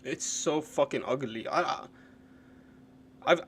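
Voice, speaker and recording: A man live-streaming a reaction to videos, cursing and mocking what he watches, going from low mutters to loud outbursts. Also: takes it slowly, a little hiss or hum. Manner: profane, mocking, swings between muttering and yelling.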